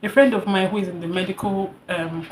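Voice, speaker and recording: A young woman with a Nigerian English accent, telling a personal story in an earnest, heartfelt vlog, repeating herself and pausing with fillers. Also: medium pitch, steady tone, a little hiss or hum. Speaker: vlogger sharing a personal story. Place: hot indoor room.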